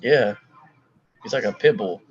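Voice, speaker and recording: A man's voice: on the low side, measured pace, darkish tone. Casual man on a muffled mic. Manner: brief, casual remarks. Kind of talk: casual fight-watching banter. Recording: dull lo-fi mic with faint background noise.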